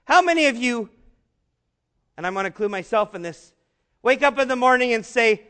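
Guy pastor giving a sermon, real high voice, asks lots of questions. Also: lively intonation, bright, forceful tone. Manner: rhetorical questions, emphatic slow repetitions.

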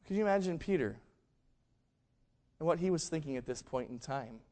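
A man preaching a sermon, telling a story and acting out the quoted lines with big swings between loud and quiet. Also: a little high, animated, normal speed. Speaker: pastor.

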